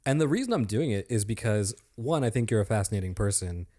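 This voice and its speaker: A man's voice: lowish voice, animated, fast talker, dark tone. A man appearing as a podcast guest, talking in an enthusiastic, chatty and complimentary way. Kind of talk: casual podcast conversation.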